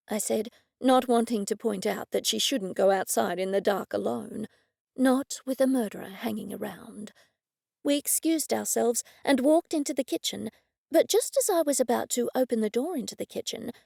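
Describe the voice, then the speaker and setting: A woman narrating an audiobook in a steady, even storytelling manner. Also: a little high, moderate pace, gravelly, no room sound, studio quality. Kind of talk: scripted narration.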